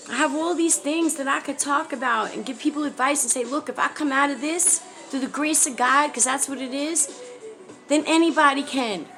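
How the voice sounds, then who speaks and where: A woman's voice: high voice, moderate pace, a bit bright. A woman, speaking to camera from a shelter, pleading urgently and from the heart for help. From New York. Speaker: mother appealing for help. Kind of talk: emotional personal appeal to camera. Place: homeless shelter. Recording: music clearly behind.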